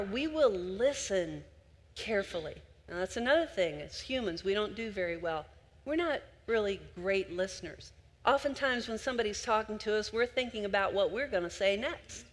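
A woman's voice: medium pitch, expressive, moderate pace, long reverb tail. An older woman preaching a sermon, telling stories conversationally and speaking directly to the congregation. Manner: warm conversational storytelling, addressing the congregation directly.

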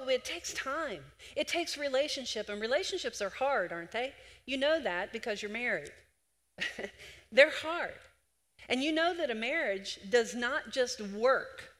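A woman preaching a sermon to a congregation, animated and emphatic, sometimes laughing at her own stories. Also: a little high. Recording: long hall reverb.

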